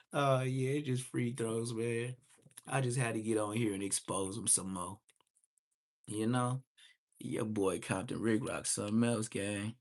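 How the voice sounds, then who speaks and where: A man's voice: fairly low pitch, steady tone, a little slow. A man vlogging, ranting casually and mocking someone in a trash-talking way.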